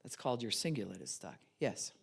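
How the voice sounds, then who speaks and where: A woman's voice: very deep voice, a little fast, creaky, slight background noise. An older woman pastor giving a sermon, telling stories and acting out the voices in them. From United States. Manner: animated storytelling, acts out voices.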